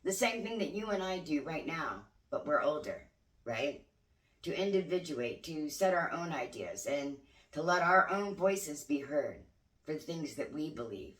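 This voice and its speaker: Bright-voiced grandmother, candid and earnest. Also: low-pitched, very animated, measured pace, distant mic. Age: older. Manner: candid, earnest, occasionally swears. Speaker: spiritual vlogger. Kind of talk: reflective spiritual talk. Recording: roomy sound, voice away from mic.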